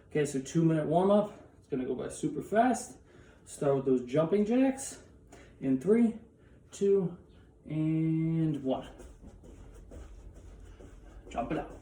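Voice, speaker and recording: A young man coaching a home workout class, talking fast with lots of energy and filler. His voice has an ordinary middle pitch and sits in a room with a faint hum behind it. He moves around, so the camera mic sometimes catches him from farther away. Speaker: PE teacher.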